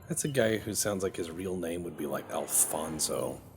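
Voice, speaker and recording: A man's voice: low voice, lively intonation, moderate pace, gravelly, music in the background. A man casually commentating on his gameplay, rambling and joking, often repeating words as he thinks aloud. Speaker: game commentator. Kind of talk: casual let's play commentary.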